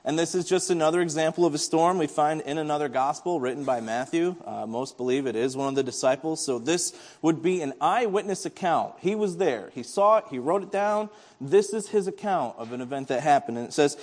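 A man's voice: a little high, brisk, hardly any pauses, darkish tone, in a large hall. A man preaching a sermon as pastor, telling the story with animation and acting out the voices of the people in it.

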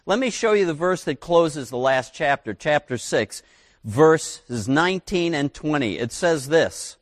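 A man's voice: a little high, expressive, a little slow, dry recording, clean studio sound. A middle-aged male pastor preaching a sermon in a folksy, conversational way with asides to the congregation.

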